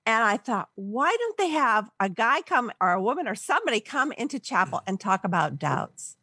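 An older woman from the Los Angeles area, a podcast guest, telling a personal story in an animated way and acting out the voices of people she quotes. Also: a little high, normal speed, slightly rough, dry recording, studio quality. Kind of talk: storytelling in a conversational interview.

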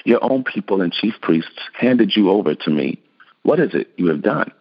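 A man's voice: low-pitched, animated, moderate pace, muffled recording. A man reading the lines of a Roman governor, delivered as short, probing questions. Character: Roman governor, male, middle-aged, wary and questioning.

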